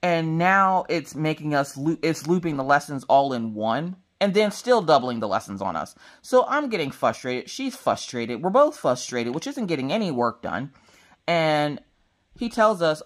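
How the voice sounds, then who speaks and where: A woman's voice: low-pitched, sing-song, normal speed. A woman in her thirties chatting casually while crafting, rambling through family stories. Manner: chatty, rambling storytelling with quoted dialogue. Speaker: crafting vlogger.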